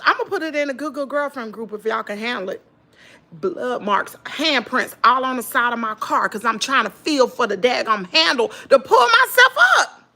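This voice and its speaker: A middle-aged woman with a Mississippi Southern accent tells her viewers an emotional personal story, emphatic and direct. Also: high-pitched. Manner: animated, emphatic, addresses listeners as girl and y'all. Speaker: vlogger.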